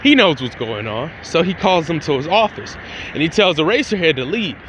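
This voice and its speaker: Brief: young-sounding man spinning a fan story off the cuff, slangy and profane, high bright voice. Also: very animated, a little fast, a little hiss or hum, poor audio. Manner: rambling, slangy, profane, full of restarts. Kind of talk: casual improvised fan-fiction retelling.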